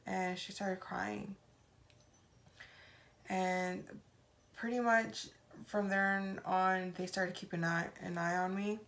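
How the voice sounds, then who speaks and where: A woman's voice: mid-range voice, level tone, slow pace, creaky, long pauses, fairly bright tone. A young adult woman vlogger casually telling a personal story, retelling past conversations with frequent "like" and "I was like". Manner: retells events with reported dialogue, many "like" fillers.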